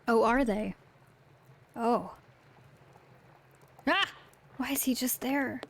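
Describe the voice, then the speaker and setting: A woman's voice: fairly high pitch, extremely slow, slight background noise. A young woman streaming a detective game, playful and giggly, joking to her chat. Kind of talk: casual live-stream commentary.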